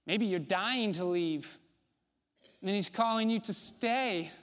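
High-voiced pastor preaching in a reverberant hall. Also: male voice, slow pace. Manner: conversational preaching, rhetorical questions, drops to soft low tones. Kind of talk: sermon.

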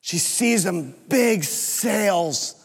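High-voiced pastor preaching in a reverberant hall. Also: male voice, expressive, very slow, gravelly, breathy edge. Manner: emotional, earnest storytelling. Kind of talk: sermon. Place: church sanctuary. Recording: long reverb of a church hall.

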